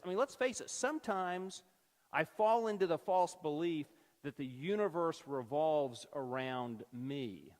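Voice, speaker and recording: Guy preaching in a big echoey church, kinda high voice, tells stories and acts out the voices. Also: a little slow. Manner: animated storyteller acting out quoted voices. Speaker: pastor. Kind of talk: sermon storytelling. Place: church sanctuary. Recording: long church-hall reverb.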